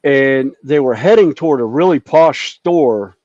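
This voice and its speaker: A man's voice: mid-range voice, expressive, unhurried, darkish tone, no room sound. A man rambling through a casual anecdote on a group video call, with lots of fillers and restarts. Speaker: hobby group member. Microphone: video call microphone. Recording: dull, dry video-call audio.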